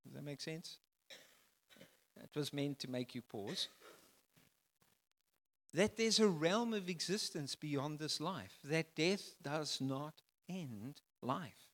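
A man preaching a sermon, emphatic, swinging from loud declarations to soft, quiet phrases. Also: on the high side, expressive, slow pace, pauses often, in a large hall. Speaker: pastor.

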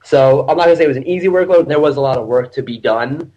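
A man's voice: on the high side, quick pace, dark tone, lo-fi sound. A young man, a podcast guest, chatting casually and swearing as he tells a story with laughs. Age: young adult. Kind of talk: casual chat.

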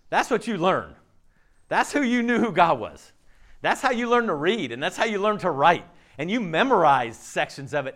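A male pastor delivers a sermon in a high, very lively voice. He tells the story with animation, voices the characters' lines, and drops to hushed, low asides between louder bursts. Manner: animated storytelling, acts out quoted lines, frequent "okay?" asides; swings from loud emphasis to hushed low asides.

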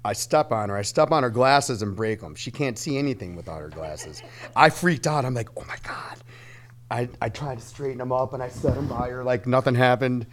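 A man's voice: mid-range voice, fairly quick. A man in a band, guesting on a podcast and telling a rowdy tour story with lots of swearing and laughter. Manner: animated, swearing, laughing through his story. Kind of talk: storytelling in casual chat.

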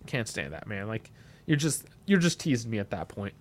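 A man co-hosting a casual podcast, talking in an animated way that jumps loud and high when he gets excited. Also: normal speed. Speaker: podcast co-host.

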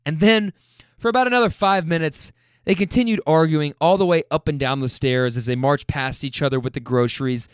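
A man's voice: a little high, brisk, clean tone, dry recording, clean studio sound. Chatty profane man telling a story. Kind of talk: casual storytime.

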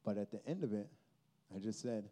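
Guy preaching his own story to a youth crowd, earnest and emotional, soft warm voice. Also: lowish voice, expressive, fairly quick. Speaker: speaker at a Christian youth festival. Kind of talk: personal testimony talk.

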